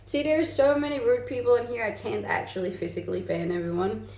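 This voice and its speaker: A woman's voice: fairly high pitch, animated, brisk, gravelly, a little mellow. A young woman from Denmark with a mixed, Danish-tinged English accent, chatting casually on a livestream and answering her chat. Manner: chatty, reads chat aloud and answers with light laughs. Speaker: streamer and content creator. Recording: roomy echo.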